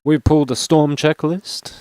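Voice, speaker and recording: A man's voice: a little high, fairly even intonation, measured pace, mellow, clean tone, no room sound. A young man chatting casually while opening trading cards, rambling and joking at his own expense. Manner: rambling, joking, self-mocking. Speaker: card-opening vlogger. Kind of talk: casual unboxing chat.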